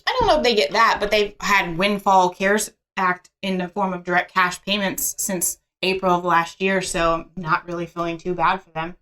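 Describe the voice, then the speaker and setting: A woman's voice: fairly low pitch, fairly even intonation, moderate pace, few pauses, bright, forceful tone. A woman co-hosting a casual political podcast, blunt and sardonic. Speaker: podcast co-host.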